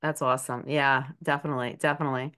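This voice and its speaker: A woman's voice: rumbling low, level tone, fast, a bit bright, smooth. A woman hosting an interview, affirming and encouraging her guest. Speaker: host. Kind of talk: interview listening and responding.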